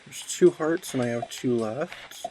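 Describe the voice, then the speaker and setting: A man's voice: mid-range voice, measured pace, a little mellow, soft background music. A man reading a text game aloud as he plays, thinking aloud with hesitant fillers. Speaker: player.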